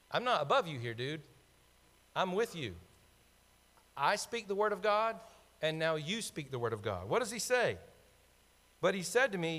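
A man preaching a sermon, animated and conversational, with asides to the congregation. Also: on the high side, normal speed, pauses often. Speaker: pastor. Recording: long hall reverb.

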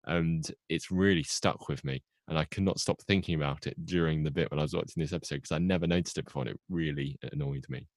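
Deep male co-host; wry, joking, close dry sound. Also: steady tone, fast talker, few pauses, no room sound. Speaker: podcast co-host. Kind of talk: casual chat.

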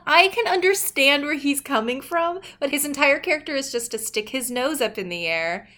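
Woman podcast cohost, fairly high voice, animated, lots of laughing. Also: normal speed. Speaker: podcast co-host. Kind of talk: casual chat.

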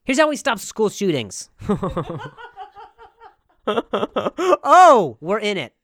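A man hosting a comedy podcast, delivering an animated, mock-serious monologue full of stammers and restarts. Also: sits high, fairly quick. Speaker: podcast host.

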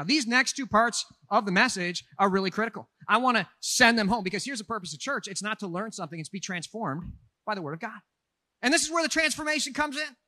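A man delivering a Sunday sermon in a chatty, animated manner, mixing jokes into his points. His voice sits high and sounds bright and forceful. The recording is dry, with little room sound. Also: no room sound. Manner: animated, conversational preaching with asides and humor. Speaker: pastor.

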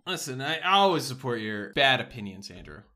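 A man's voice: medium pitch, big pitch swings, brisk, pushed and bright. A man co-hosting a podcast, joking in a laid-back, musing way. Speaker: podcast co-host. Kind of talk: casual podcast chat.

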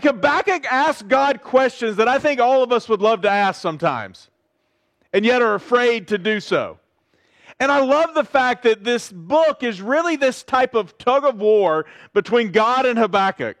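A man's voice: very high voice, a bit bright, no echo. A man preaching a sermon as pastor in a church service, in a conversational way and asking his congregation questions.

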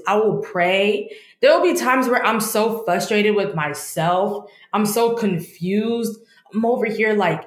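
Young woman, law student guest, casual chat, candid and animated, mid-pitched, echoey room. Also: normal speed. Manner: candid, animated storytelling, talks to herself in quotes.

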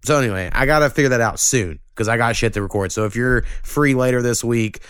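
A man's voice: medium pitch, fast talker, smooth, no echo. Profane, ranting male podcast host. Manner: profane, ranting, animated when annoyed. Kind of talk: casual podcast chat.

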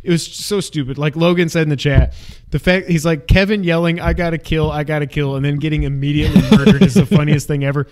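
A young man co-hosting a casual gaming podcast, an animated storyteller who acts out his own yelling. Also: on the high side, quick pace, few pauses. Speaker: podcast co-host.

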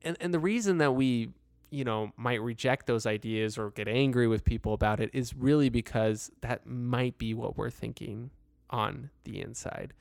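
A man's voice: medium pitch, creaky, dry recording, studio quality. A man talking through breakup advice in an earnest, rambling way, full of fillers and small laughs. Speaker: advice speaker. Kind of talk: casual advice monologue.

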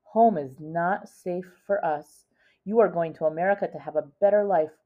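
A woman reading the part of a stern, loving mother who talks in firm, hushed tones, on a dull lo-fi recording. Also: fairly low pitch, moderate pace, lightly acted. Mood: urgent, tender.

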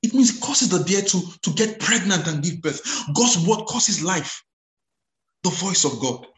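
A male preacher with a voice a little higher than most men's. He is recorded in an echoey room. He keeps repeating and restarting his phrases, breaks in with hallelujahs, and slows down to read scripture with emphasis. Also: lively intonation, fairly bright tone. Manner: repeats words, stumbles and restarts, exclaims hallelujah; reads scripture aloud slowly and with emphasis. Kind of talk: sermon.

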